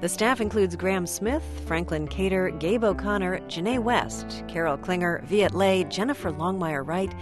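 A woman hosting a radio news program, reading in a crisp, steady manner. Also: on the low side, moderate pace, hardly any pauses. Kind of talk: scripted news presenting. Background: theme music.

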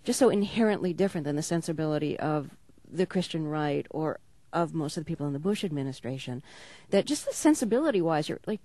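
A woman's voice: medium pitch, mellow, dry recording. A middle-aged woman interviewing a guest, asking curious questions and laughing often. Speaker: radio interviewer. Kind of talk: radio interview.

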